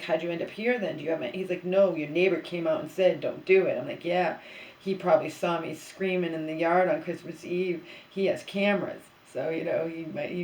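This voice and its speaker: Woman vlogger, lowish voice, rambling rant full of "okay?" asides, echoey bedroom with faint background ambience. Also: a little mellow. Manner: ranting, frequent "okay?" asides. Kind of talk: casual rambling monologue. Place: bedroom, seated on the floor.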